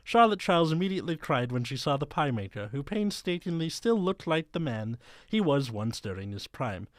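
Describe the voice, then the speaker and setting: A man's voice: on the high side, big pitch swings, fairly quick, dry recording, clean studio sound. A man reading fan fiction aloud on a podcast, stumbling over words and laughing as he goes. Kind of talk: comedic dramatic reading with banter.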